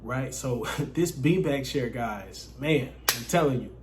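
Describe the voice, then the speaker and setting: A man's voice: mid-range voice, lively intonation, takes it slowly, a little mellow, a little hiss or hum. A man telling a casual, profane story to his viewers, often addressing them as guys. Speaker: dating coach vlogger.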